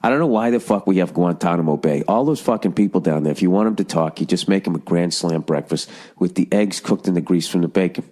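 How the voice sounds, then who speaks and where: A man's voice: fast talker, hardly any pauses, mellow. A middle-aged man hosting a podcast, rambling casually with lots of swearing and sarcastic rants. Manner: profane, ranting, sarcastic, jumps into high mocking voices. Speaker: podcast host.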